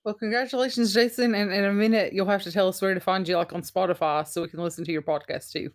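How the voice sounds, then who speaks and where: A woman's voice: mid-range voice, fairly even intonation, quick pace. A woman with a Southern US country twang calling into a live podcast, hesitant and searching for words with many ums. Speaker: audience caller.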